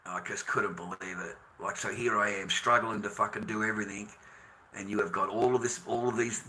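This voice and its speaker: An Australian man rants to camera in a bitter, swearing monologue. His voice is bright and sharp. He lurches from angry outbursts down to low, resentful muttering. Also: fairly even intonation, fairly quick, low-quality recording. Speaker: vlogger.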